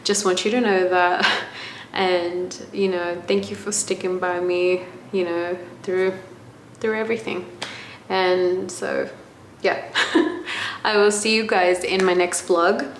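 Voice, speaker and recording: A woman's voice: fairly low pitch, steady tone, slow pace, slight background noise. A woman from Australia in her twenties, talking to camera in a casual vlog, gushing and emotional with many fillers and restarts. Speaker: vlogger. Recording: roomy, faint room ambience.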